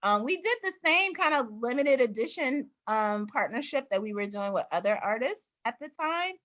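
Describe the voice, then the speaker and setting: A woman guest on a podcast, telling a story in an animated way with many filler words. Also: on the high side, normal speed, highs cut off. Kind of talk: casual podcast chat.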